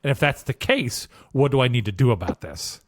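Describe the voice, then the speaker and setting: A man co-hosting a casual podcast, telling a story with lively asides and frequent "okay?" check-ins. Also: medium pitch, a little fast, no room sound, studio quality. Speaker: podcast co-host.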